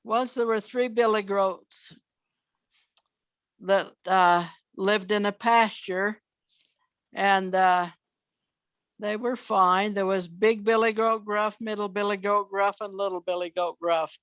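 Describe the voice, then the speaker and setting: An older woman telling children's fairy tales from memory, unhurried, often pausing on "uh". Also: mid-range voice, fairly even intonation, no room sound. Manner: unhurried, with frequent "uh" pauses. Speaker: storyteller.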